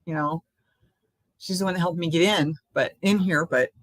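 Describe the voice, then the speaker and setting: A woman's voice: lowish voice, moderate pace, no echo. An older woman hosting a casual live stream, chatting in a rambling way from home and laughing often.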